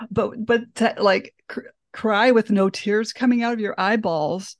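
A woman hosting a podcast, agreeing with her guest and adding her own sympathetic, animated remarks. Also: mid-range voice, unhurried. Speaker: podcast host. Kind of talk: podcast interview.

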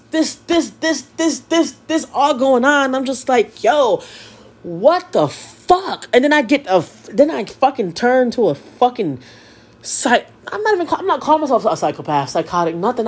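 A young woman hosts a podcast, venting in a candid, emotional personal monologue, swearing often and repeating herself. Her voice is on the high side and husky.

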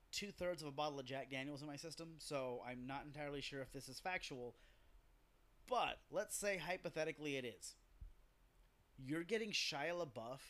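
A man's voice: on the high side, a bit bright. A man hosting a casual solo podcast, telling rambling stories full of swearing and offhand asides. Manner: profane, rambling storytelling with asides; acts out quoted lines in a gruff voice. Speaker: podcast host.

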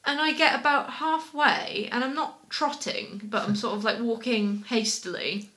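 A woman co-hosting a podcast, telling a story in rambling, animated casual chat. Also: a little high, measured pace, few pauses. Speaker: podcast co-host.

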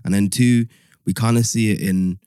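A man in a casual discussion, summarizing points in a measured way. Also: on the low side, steady tone, warm tone, clean tone, dry recording, clean studio sound.

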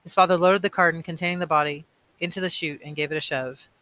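Male audiobook reader, bright slightly high voice, plain and unpolished. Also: fairly even intonation, fast. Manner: plain reading with small slips and self-corrections. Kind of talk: reading a novel aloud.

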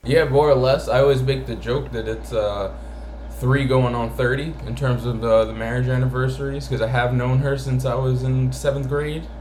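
A relaxed man in his thirties co-hosts a casual podcast and laughs easily. His voice rings out in an echoey room. A steady hum of background noise sits under it. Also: medium pitch, normal speed. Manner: laid-back, laughing easily, swearing. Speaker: podcast co-host.

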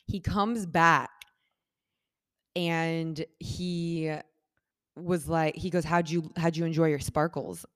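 A woman with a slightly low voice tells a story in casual chat. She is animated and acts out other people's voices, peppering her talk with "like." The sound is dry and close, with no room echo. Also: a little slow, long pauses. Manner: animated, acts out quoted voices with big shifts in pitch and loudness; talks with many fillers like "like" and "I'm like". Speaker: guest telling a personal story.

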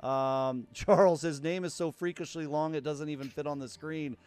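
High-voiced chatty male podcast host. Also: steady tone, normal speed, darkish tone, clean tone, no echo. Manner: rambling, chatty, restarts sentences. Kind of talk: casual livestream chat.

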